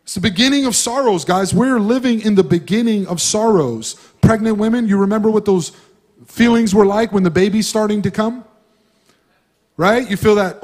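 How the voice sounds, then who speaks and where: A high-voiced man preaches a sermon in church. His delivery is conversational and he speaks straight to the congregation, rising into loud emphasis and then dropping into quiet asides. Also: lively intonation, normal speed. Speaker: pastor.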